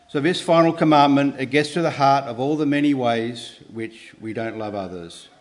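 A man with a medium-pitched voice preaches with earnest, measured delivery. His pauses and restarts are broken up by emphatic rises on important words.

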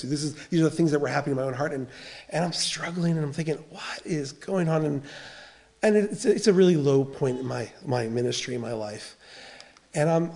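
A man's voice: fairly high pitch, a little mellow. A middle-aged man, a pastor, preaching a sermon and sharing a candid, confessional personal testimony with frequent restarts.

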